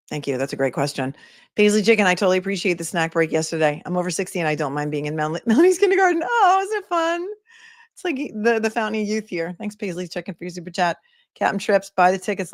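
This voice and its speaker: A woman's voice: lowish voice, no room sound, clean studio sound. A middle-aged woman attorney hosting a casual livestream, chatting and reading viewer comments aloud.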